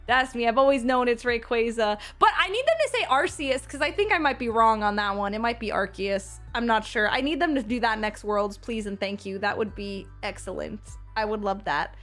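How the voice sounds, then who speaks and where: Woman streamer, high voice, bubbly and effusive, casual chat, faint music behind. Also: expressive, fairly quick, hardly any pauses, a bit bright. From Seattle area. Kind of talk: casual livestream chat with viewers.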